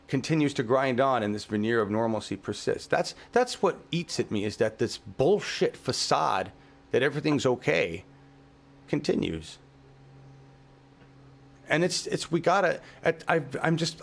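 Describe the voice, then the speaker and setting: A man hosting his own channel, delivering an impassioned, profane rant outdoors in his yard, swinging between grief and shouting. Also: a little high, creaky. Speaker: channel host.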